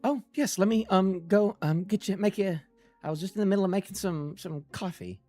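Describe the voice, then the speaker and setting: A man's voice: high voice, fairly quick, darkish tone, dry recording, soft background music, pitched above the performer's own voice, lightly acted. A man voicing a middle-aged southern farm widow, hesitant and fussing as a hostess. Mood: flustered.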